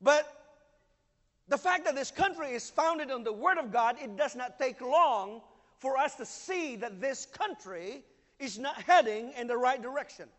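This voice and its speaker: Male pastor, high voice, earnest emphatic sermon, heard with a long hall reverb. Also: lively intonation, a little slow, a bit bright.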